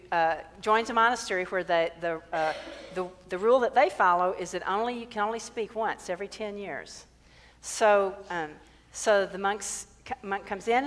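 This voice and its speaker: A woman's voice: medium pitch, fairly bright tone. Chatty woman preaching in a hall. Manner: conversational, joking, asks rhetorical questions. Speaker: minister. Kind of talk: sermon. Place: church sanctuary. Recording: long reverb in a hall.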